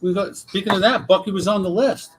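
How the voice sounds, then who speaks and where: A man co-hosting a casual talk show in a cigar lounge tells animated stories and wanders off on tangents. His voice sits high and moves fairly quickly.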